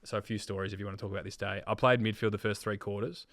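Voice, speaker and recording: A man's voice: fairly low pitch, steady tone, racing, fairly bright tone, no echo, studio quality. A man in his thirties with an Australian accent, a former footballer telling laid-back stories as a podcast guest. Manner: laid-back storytelling, quotes teammates. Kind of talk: casual podcast chat.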